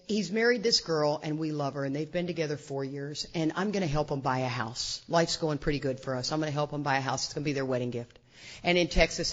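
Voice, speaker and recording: A middle-aged woman speaking to a recovery meeting as an AA speaker, an animated, self-mocking storyteller full of asides. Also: sits low. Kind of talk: humorous recovery talk to a meeting. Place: meeting room with audience. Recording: dull lo-fi recording.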